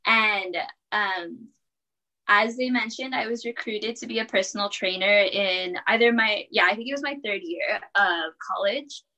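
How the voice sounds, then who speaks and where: A young woman in her twenties with a bright, forceful tone talks easily as a podcast guest. She is chatty and upbeat, sprinkles in laughs, and leans on fillers like "like" and "um" as she tells her story. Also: medium pitch, unhurried, low-quality recording. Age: 20s. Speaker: podcast guest, college student and personal trainer. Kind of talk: casual interview chat.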